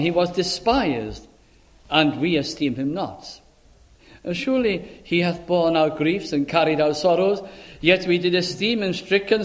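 A man preaching a sermon in a dramatic way, swinging between loud emphasis and hushed, quiet lines. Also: high-pitched.

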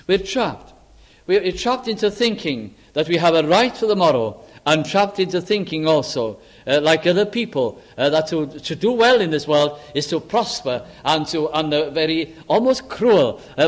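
A man preaching a sermon earnestly, repeating phrases for emphasis and pausing with frequent fillers. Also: fairly high pitch, big pitch swings.

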